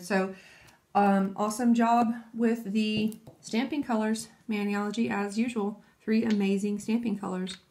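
A woman's voice: medium pitch, a little mellow, slight background noise. A woman chatting casually and enthusiastically, thinking aloud as she demonstrates nail stamping. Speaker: nail art vlogger. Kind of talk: casual tutorial chat.

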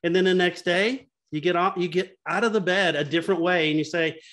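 A man's voice: high-pitched, steady tone, a little fast, a bit bright. A middle-aged man speaking earnestly and openly about his feelings as a panelist in a candid video-call panel conversation. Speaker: patient advocate panelist.

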